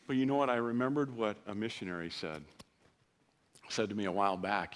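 A middle-aged male pastor delivering a sermon in a relaxed, conversational manner. He mixes self-deprecating asides into his preaching, and his voice turns tender and emotional at moments. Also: fairly low pitch, normal speed, pauses often.

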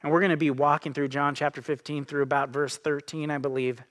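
A man's voice: a little high, little pitch movement, quick pace, a bit bright. A pastor in his thirties giving a conversational sermon, earnest and personal, often restarting his sentences.

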